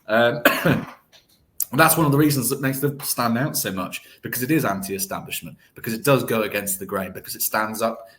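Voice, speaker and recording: A man's voice: mid-range voice, fairly quick, a bit bright. A man answering as a podcast guest, earnest and reflective, often restarting phrases and filling them with "sort of". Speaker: guest, deputy editor of a football site.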